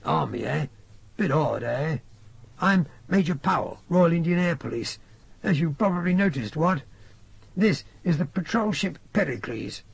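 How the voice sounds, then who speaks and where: A brisk, pompous British officer, as a man puts him on in an audiobook. His talk is clipped, sharp and precise, pitched up a little. The voice has a raspy, gravelly grain. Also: expressive, no echo, full character voice.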